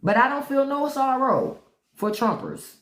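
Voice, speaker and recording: Profane ranting livestream host, lively pitch, roomy echo. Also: a little slow. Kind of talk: unscripted live-stream commentary.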